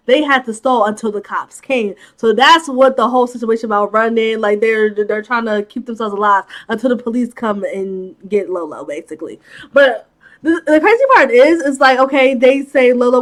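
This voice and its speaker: Chatty young woman, high voice, movie-recap commentator who exclaims in disbelief. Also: fairly bright tone. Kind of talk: casual plot recap commentary.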